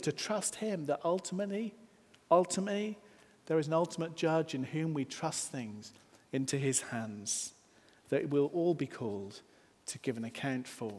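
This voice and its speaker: A man preaching a sermon, earnest, building emphasis with rising lines and then dropping soft. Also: fairly high pitch, big-room sound. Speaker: pastor.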